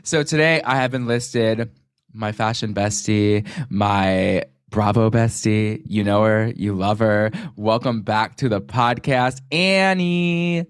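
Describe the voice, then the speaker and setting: A man hosting a pop-culture podcast in casual chat, excitable, quick to laugh and swearing freely. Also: fairly low pitch, clear, resonant tone, no echo, studio quality. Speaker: podcast host.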